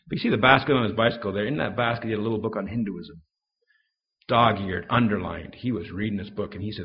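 Fast-talking gravelly man preaching. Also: on the low side, muffled recording. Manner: fast storytelling, acting out quoted dialogue. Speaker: Christian speaker. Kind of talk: live talk to an audience.

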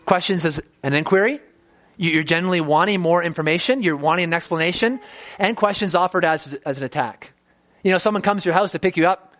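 Earnest high-voiced male preacher. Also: normal speed, pauses often, a bit bright. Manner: earnest, repeats words when starting sentences; acts out quoted voices with rising pitch. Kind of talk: sermon.

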